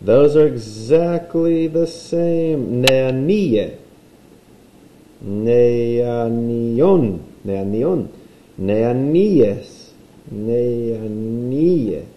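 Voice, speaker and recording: A man's voice: mid-range voice, animated, very slow, echoey room, background noise. A man teaching a recorded language lesson, playful and explaining while he draws.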